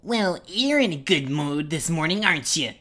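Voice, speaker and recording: A woman's voice: sits low, expressive, moderate pace, a bit bright. A woman voicing a sneering, bratty older boy of the forest folk in a storybook reading. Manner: sneering, scoffing.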